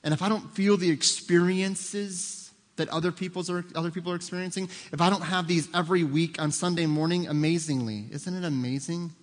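A man's voice: high-pitched, steady tone, brisk, few pauses. A man preaching a sermon as pastor, earnest and emphatic, repeating his key lines for weight. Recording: long reverb of a large hall.

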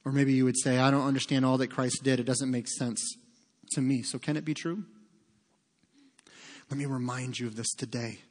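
A man's voice: mid-range voice, level tone, moderate pace, pauses often, a little mellow. A man preaching a sermon as pastor, earnest and conversational, often breaking off into casual asides. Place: church sanctuary. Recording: long reverb of a large hall.

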